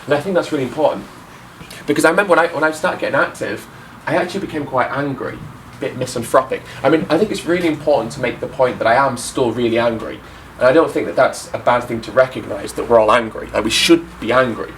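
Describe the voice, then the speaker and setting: A man in his twenties speaks to a live audience at a mid-range pitch. He talks in a candid, storytelling way and keeps checking in with his listeners through little tag questions. A soft ambient hum sits underneath his voice. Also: quick pace, low-quality recording. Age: 20s. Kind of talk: public talk to an audience. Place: talk venue with an audience.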